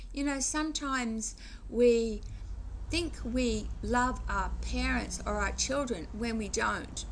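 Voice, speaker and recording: A woman's voice: a little high, a little hiss or hum. An English woman in her sixties giving an earnest, rambling reflective monologue for her vlog, restarting sentences as she moralizes. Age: 60s. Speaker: vlogger.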